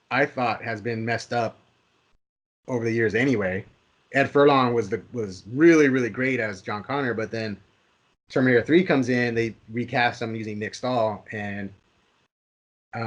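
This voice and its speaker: A man of middle pitch talks through a film in a loose podcast chat. He trips over his words, repeating them as he goes, and keeps breaking into little acted-out reactions. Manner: chatty, repeats and restarts words, acts out reactions in quotes. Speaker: podcast co-host. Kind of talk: casual movie discussion.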